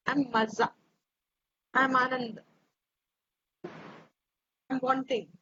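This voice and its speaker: A woman teaching scripture slowly and reflectively, repeating her phrases, over a video call. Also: high voice, sharp tone. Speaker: Vedanta teacher. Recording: dull lo-fi audio with faint hiss.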